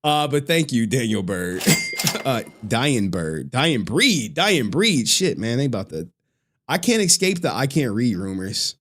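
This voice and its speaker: A man's voice: mid-range voice, big pitch swings, measured pace. A man chatting casually on a live stream, loose and profane, laughing often and reading out chat messages.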